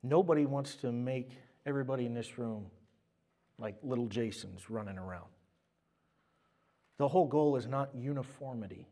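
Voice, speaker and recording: A man preaching a sermon as pastor, telling stories with lively, self-mocking humor. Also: mid-range voice, normal speed, pauses often. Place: church service.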